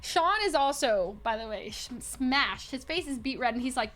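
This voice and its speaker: A woman's voice: sits high, normal speed. A woman casually telling a story to friends, acting out what people said and laughing often. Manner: animated storytelling, acts out quotes, laughs often. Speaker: storyteller recounting a trip. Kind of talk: casual chat.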